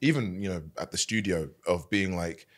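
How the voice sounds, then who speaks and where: A man's voice: sits low, animated. A young man, a creative director and actor, chatting earnestly and agreeably on a podcast. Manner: quick, earnest, agreeable, says "man" often. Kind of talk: casual podcast chat.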